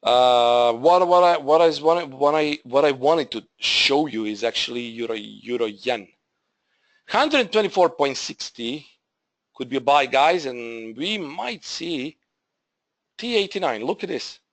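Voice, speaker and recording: Slow-talking man presenting a trading webinar. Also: medium pitch, lively intonation. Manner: halting, repeats himself, addresses viewers as "guys". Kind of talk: live trading webinar walkthrough.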